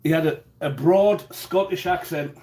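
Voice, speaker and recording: A man's voice: on the high side, a little slow, dark tone. Chatty man rambling while cooking. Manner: rambling, repeats words, chatty asides. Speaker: home cooking streamer. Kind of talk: casual chat while cooking live. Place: home kitchen.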